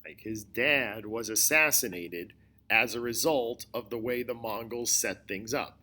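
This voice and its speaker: A male history teacher giving a recorded lecture, explaining slowly and deliberately, often repeating his key points. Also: mid-range voice, pushed and bright. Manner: slow, deliberate explaining with repetition.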